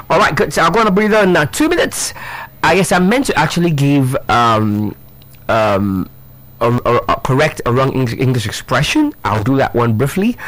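In a dry recording, a man with a mid-range voice leads teachers through a live pronunciation drill. He spells out words letter by letter, talks to the audience directly with rhetorical questions, and teaches slowly, repeating himself and using lots of fillers.

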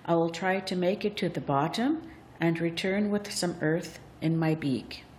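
A woman voicing a male loon from a spoken storybook, sincere and eager to help. Keep it unhurried and plain, close to her own voice. A faint noise sits in the background. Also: lowish voice, a little mellow, natural voice. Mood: earnest.

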